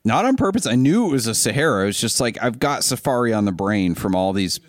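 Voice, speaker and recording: A middle-aged Ohio man co-hosts a podcast, telling animated, self-deprecating stories in casual conversation. He talks fast in a mid-range voice, captured in clean studio sound with no echo.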